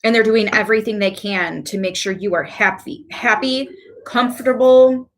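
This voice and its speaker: A woman's voice: mid-range voice, moderate pace, slight background noise. Chatty woman giving a tarot reading. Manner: chatty, laughs easily, animated asides. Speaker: tarot reader. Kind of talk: casual tarot reading to camera.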